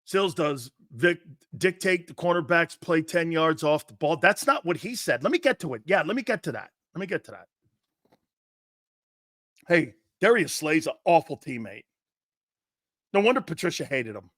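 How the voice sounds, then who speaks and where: A man doing crude, sarcastic sports talk, mimicking others in jeering voices and laughing often, swinging between loud outbursts and low mutters. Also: sing-song, normal speed, pauses often, no echo, clean studio sound. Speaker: sports commentator.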